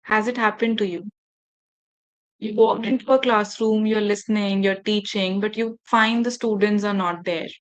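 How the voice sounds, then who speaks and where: A woman's voice: medium pitch, fairly even intonation, moderate pace. A woman trainer leading an online workshop for teachers over a video call, engaging and often asking the audience questions. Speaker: faculty development trainer.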